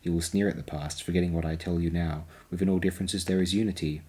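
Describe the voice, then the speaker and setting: A man voicing a young woman oracle who speaks in sharp, scolding pronouncements. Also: low voice, steady tone, quick pace, husky. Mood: solemn.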